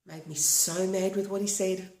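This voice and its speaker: A woman's voice: medium pitch, fairly even intonation, normal speed, darkish tone. A woman from Australia leading a guided tapping session, talking earnestly and repeating affirmations. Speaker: tapping practitioner. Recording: echoey room.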